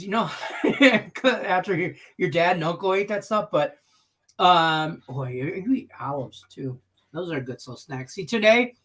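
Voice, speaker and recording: Brief: male stream host, slightly high voice, loose and rambling, laughs easily. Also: a bit bright. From Detroit, Michigan. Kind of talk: casual chat on a live betting stream.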